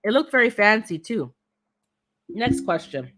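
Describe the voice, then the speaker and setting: A woman's voice: mid-range voice, very animated, unhurried, fairly bright tone. A woman hosting a casual live-stream holiday trivia game, chatty and playful, teasing her viewers. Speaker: livestream host running holiday trivia.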